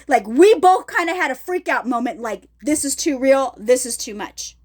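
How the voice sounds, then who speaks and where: A woman's voice: high voice, expressive, normal speed, hardly any pauses, a little mellow. A middle-aged woman giving an emphatic, casual testimony vlog from her ministry, checking in with her viewers often. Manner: emphatic, addresses viewers directly with repeated check-ins. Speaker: ministry vlogger.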